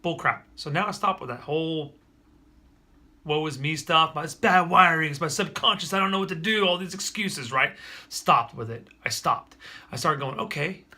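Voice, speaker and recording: A man's voice: on the high side, normal speed, sharp tone. A man talking to the camera in a casual vlog about his parenting. He tells the story earnestly and with energy, and often restarts his sentences. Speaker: father vlogging about parenting.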